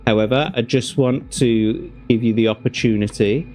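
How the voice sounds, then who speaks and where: Guy chatty game master on a stream, laughs a lot, reads the book out loud. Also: medium pitch, fairly even intonation, moderate pace, faint music behind. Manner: chatty, laughs easily, talks to his chat. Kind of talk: casual livestream chat and reading gamebook passages aloud.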